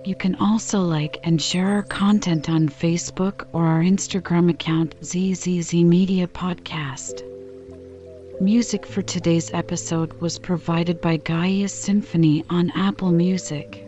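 A woman calmly reading a classic novel aloud as a bedtime story in a soothing, unhurried way. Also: fairly low pitch, highs cut off, faint music behind. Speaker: audiobook reader.

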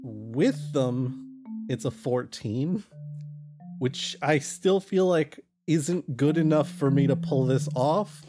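Casting: male tabletop player, very slow delivery, easygoing humor, faint music behind. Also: mid-range voice. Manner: laid-back, jokey. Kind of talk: tabletop game play.

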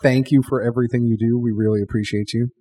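A man's voice: mid-range voice, steady tone, fast talker, mellow, breathy edge. A man hosting a podcast in a hotel bar, rambling through thanks and jokes in a casual chat. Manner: chatty, joking, rambling thanks. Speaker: podcast host. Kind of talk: casual interview wrap-up.

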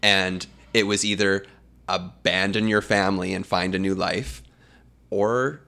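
A man's voice: low voice, fairly even intonation, a little slow, vocal fry, pushed and bright. A man co-hosting a podcast, speaking thoughtfully in casual chat. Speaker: podcast co-host.

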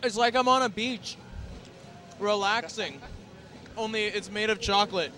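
A man hosting casual event coverage, playful and excitable, joking while he snacks and interviews. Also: high voice, a little slow. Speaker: host.

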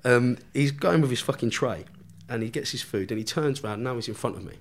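Brief: man, podcast guest, mid-pitched, casual anecdote, heavy swearing, chuckles as he goes. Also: fairly quick. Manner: swears constantly, laughs through his own story. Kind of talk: casual storytelling.

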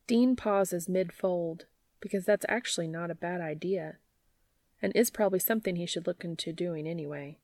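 A woman reading fan fiction aloud as a podcast narrator, with a steady storytelling delivery. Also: lowish voice, moderate pace, no echo.

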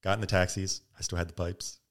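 A man's voice: low voice, fast talker. A man guest on a podcast, casually telling a story and acting out quotes with energy. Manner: animated storyteller, acts out quotes.

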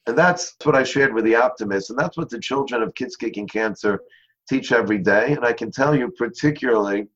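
A man guest in an interview, telling a story in an earnest way and slowing down on key phrases. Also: mid-range voice, fairly bright tone. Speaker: interview guest, charity founder. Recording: dull lo-fi sound.

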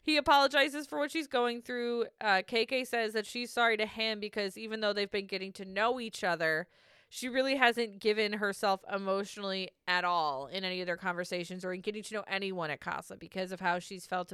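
Bright, crisp-voiced young woman, chatty podcast co-host, laughs and swears. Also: mid-range voice, fairly quick, no echo, clean studio sound. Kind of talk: casual recap chat.

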